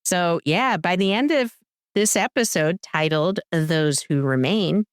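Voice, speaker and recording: A woman's voice: lowish voice, a little slow, no echo, clean studio sound. A woman co-hosting a podcast, recapping a TV episode in casual chat and acting out the characters' lines. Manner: animated storyteller, acts out quotes. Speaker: podcast co-host.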